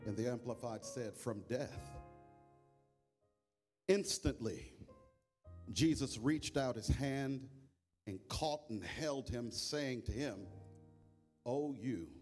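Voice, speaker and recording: A bishop leads a church congregation in worship singing and call and response before moving into his sermon. His male voice is a little mellow, and he sings with long, drawn-out high notes. The live church mic picks up music behind him.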